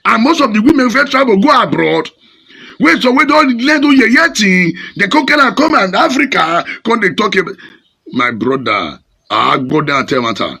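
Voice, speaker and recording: Very animated at a moderate pace, the Nigerian preacher rebukes his audience in English mixed with Pidgin. He has a high, bright, raspy voice with a husky, gravelly edge, and his pitch swings wildly.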